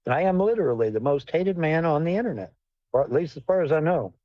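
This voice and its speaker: A man's voice: on the high side, animated, fast talker, dry recording. A man hosting a casual livestream chat, rambling and swearing bluntly as he talks with callers. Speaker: livestream host. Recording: dull lo-fi sound.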